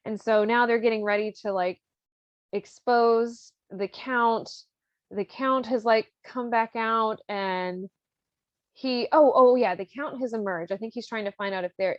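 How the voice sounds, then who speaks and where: A woman hosting a podcast, casually retelling an opera plot in a rambling way, full of fillers and quick laughs. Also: mid-range voice, dry recording, dull audio. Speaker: podcast host.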